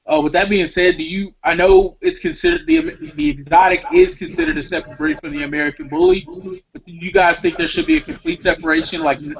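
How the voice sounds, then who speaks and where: A man taking part in a casual roundtable talk, putting questions to the group in a lively way. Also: very high voice, fast, creaky, dull audio.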